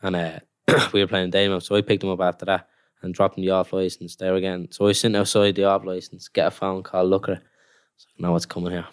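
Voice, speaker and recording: Young male footballer, low voice, dry close sound, loose rambling chat. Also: little pitch movement, fast, clean tone, no room sound. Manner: rambling storytelling with many "like"s. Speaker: professional footballer. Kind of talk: casual podcast chat.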